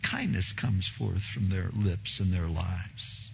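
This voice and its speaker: A man preaching a sermon as a pastor, telling stories in an animated way and acting out the dialogue. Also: deep voice, takes it slowly, vocal fry, highs cut off, slight background noise. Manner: animated storytelling, acts out dialogue, repeats words.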